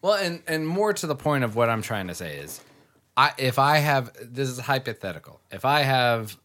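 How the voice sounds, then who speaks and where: A man's voice: mid-range voice, big pitch swings, moderate pace, fairly bright tone. A man in casual conversation who argues heatedly, swears freely and fills his speech with "like". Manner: heated, swears, many "like" fillers. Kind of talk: casual chat.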